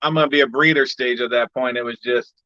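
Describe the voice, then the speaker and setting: A man's voice: medium pitch, fairly even intonation, quick pace, bright, forceful tone, no room sound. A man hosting a casual livestream, easygoing and laughing along as he shares his own mistakes with snakes. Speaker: livestream host, reptile breeder. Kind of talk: casual chat. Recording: dull lo-fi stream audio.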